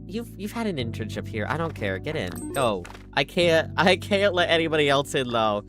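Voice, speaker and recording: A chatty, playful game streamer talks casually through a live session and reacts out loud to whatever happens on screen. The voice sits at a middling pitch. Faint game music plays in the background. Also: big pitch swings, moderate pace, few pauses. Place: home streaming setup.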